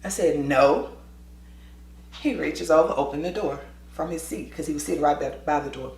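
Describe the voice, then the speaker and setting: A woman telling a school story in a lively vlog style, acting out the voices with quick asides. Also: low-pitched, creaky, roomy sound. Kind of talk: storytime vlog, animated retelling.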